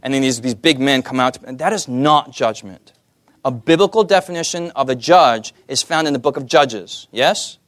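A man preaching a sermon in a lively, joking way, often asking his listeners for an "amen". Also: medium pitch, normal speed, no room sound. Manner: lively, asks the audience "amen?" often, jokey asides.

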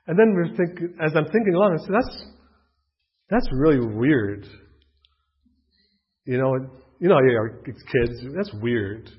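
A middle-aged man telling a personal faith story in a rambling, animated way, with many restarts. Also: on the high side, husky. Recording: dull lo-fi recording.

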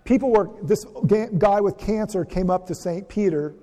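Male seminar speaker, fairly high and mellow voice, chatty and repetitive, long hall echo. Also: normal speed. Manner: folksy, repetitive, asks the audience questions. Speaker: physician giving a church health seminar. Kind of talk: conversational seminar talk with storytelling.

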